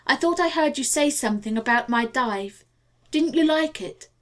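A woman's voice: high-pitched, expressive, moderate pace, fairly bright tone, pitched above the performer's own voice. A woman reading the part of an eager young man in love, speaking earnestly and with urgency. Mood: light.

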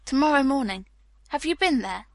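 A woman reading the lines of a stiff, earnest young Boston gentleman in an audiobook, formal in manner. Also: sits high, expressive, normal speed, dry recording, voice pushed up.

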